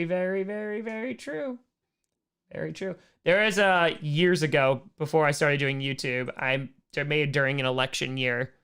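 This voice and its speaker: Chatty man with a smooth voice. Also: on the high side, a bit bright. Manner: chatty, repeats phrases, reads questions aloud. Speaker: host answering viewer questions. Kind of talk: casual livestream Q&A.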